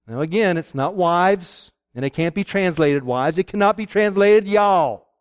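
Male preacher from Pennsylvania, folksy and lively, engages the congregation with questions; high voice. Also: unhurried, clear, resonant tone, no room sound, clean studio sound. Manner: folksy, animated, asks the audience questions. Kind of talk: sermon.

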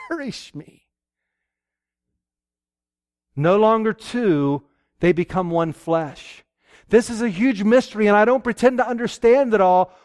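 A man from Pennsylvania preaching a folksy, animated sermon and asking his listeners questions. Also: high voice, dry recording, clean studio sound.

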